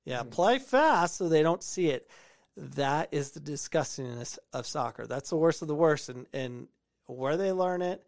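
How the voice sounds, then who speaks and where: A man's voice: on the high side, animated, a little slow, creaky. A man hosting a show about soccer clips, giving casual, opinionated commentary and repeating phrases for emphasis. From United States. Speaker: podcast host reviewing soccer clips.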